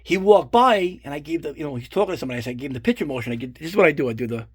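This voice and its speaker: A middle-aged man tells loose, profane stories in a casual show-and-tell. His voice is somewhat husky and sits a little high for a man. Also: expressive, racing. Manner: rambling, profane, full of fillers and asides. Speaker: collector showing his guitar picks.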